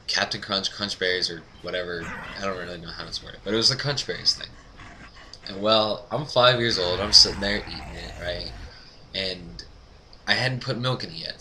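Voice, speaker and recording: A man telling a funny childhood story over game commentary, animated and laughing, climbing to excited yelps. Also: fairly low pitch, slight background noise, low-quality recording. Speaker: gaming commentator. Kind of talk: casual storytelling over gameplay.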